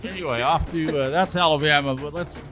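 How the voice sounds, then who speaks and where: A man's voice: fairly high pitch, brisk, music in the background. A man co-hosting a podcast, reading odd news headlines in a wry, amused way during casual banter.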